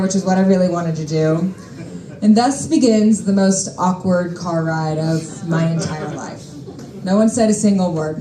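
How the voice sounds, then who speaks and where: A young woman tells a personal story on a stage mic with wry, profane exasperation. Her voice sits low and mellow. The room carries an echo with a faint hum of ambience behind it. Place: stage at a live storytelling show.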